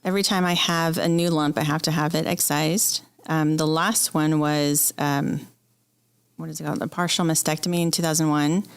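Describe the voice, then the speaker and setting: A woman's voice: deep voice, little pitch movement, normal speed, vocal fry, smooth. A woman guest speaking candidly and with emotion in an interview, telling a personal story.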